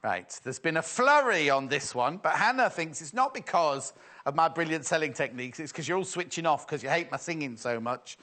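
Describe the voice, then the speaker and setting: Lively chatty male presenter. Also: on the high side, a little fast. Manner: chatty, teasing, playful banter with crew. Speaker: shopping channel presenter. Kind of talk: live TV sales presenting.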